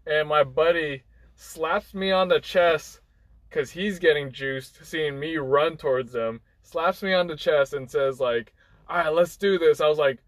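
A man's voice: on the high side, a little slow, no room sound, poor audio. A young man telling a rambling personal anecdote in casual chat, full of fillers and restarts, acting out what people said. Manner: rambling, many fillers and restarts, acts out quotes. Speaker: guest storyteller.

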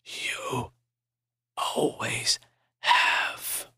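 A man voicing a frail, dying elderly professor in a whispered role-play, thin and raspy, speaking in short breathy bursts. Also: very slow, sharp tone, dry recording, exaggerated voice. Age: older.

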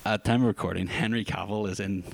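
A man co-hosting a podcast, chatting casually about films in a rambling, jokey, animated way. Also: fairly low pitch, fast, gravelly, a little hiss or hum. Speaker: podcast co-host. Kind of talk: casual film chat.

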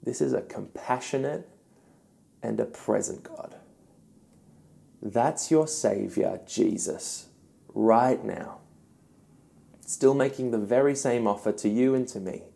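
A young man, a youth pastor, giving an earnest devotional teaching talk with gentle, emphatic pauses. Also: on the low side, creaky.

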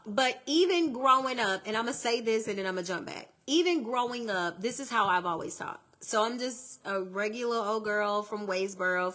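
A woman's voice: mid-range voice, sharp tone. A young woman from the southern United States hosting a faith-based podcast. She talks in a conversational, preachy way and speaks straight to her listeners. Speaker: podcast host.

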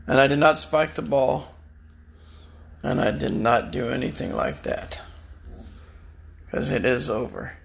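A man's voice: medium pitch, lively intonation, measured pace, creaky, pauses often, a little hiss or hum. A man delivering a bitter, defiant personal rant, swearing and taunting his enemies. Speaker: vlogger. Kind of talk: angry personal rant to camera.

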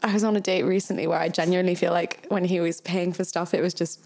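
A woman's voice: fairly low pitch, fairly even intonation, a little mellow. A young woman co-hosting a casual chat, talking in a hesitant way and laughing easily. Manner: chatty, hesitant with fillers, quick to laugh. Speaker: podcast co-host.

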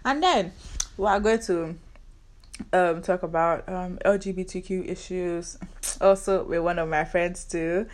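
A woman's voice: lowish voice, unhurried. A woman in her twenties with a Nigerian accent, hosting her own podcast in a casual, sarcastic, bantering way. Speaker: podcast host. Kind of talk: casual solo podcast chat.

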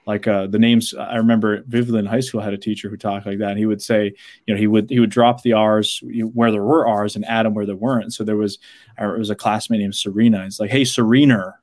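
A man from New England co-hosting a casual chat, telling stories with quick asides and laughing at himself. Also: on the low side, flat delivery, darkish tone.

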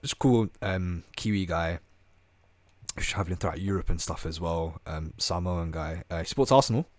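A man telling travel stories on a podcast, animated and slangy, full of "bro" and "like". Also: low voice, normal speed, no room sound. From England. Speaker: podcast host. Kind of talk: casual storytelling chat.

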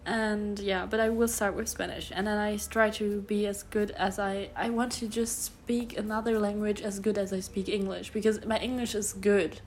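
A woman's voice: medium pitch, little pitch movement, moderate pace, few pauses, a little hiss or hum. A young German woman in her early twenties, a podcast host rambling casually in English with a German accent, full of fillers and self-corrections. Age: around 20. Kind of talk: casual solo podcast monologue.

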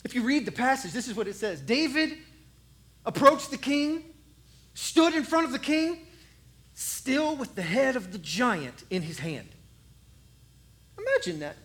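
Animated, jokey storytelling preacher. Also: mid-range voice. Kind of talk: comic sermon storytelling.

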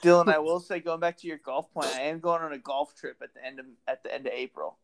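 A man's voice: fairly high pitch, fairly even intonation, fast talker, creaky. A young man co-hosting a casual podcast, giggling and joking often. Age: young adult. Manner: giggly, laughs a lot. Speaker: podcast co-host.

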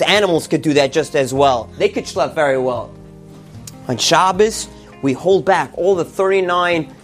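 A man telling a religious story and drawing its lesson, with animated emphasis on key words. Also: medium pitch.

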